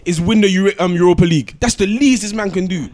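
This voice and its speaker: A man's voice: sits high, quick pace, a little mellow. A young man, ranting in a heated casual football chat, exasperated and repeating himself. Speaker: football podcast co-host.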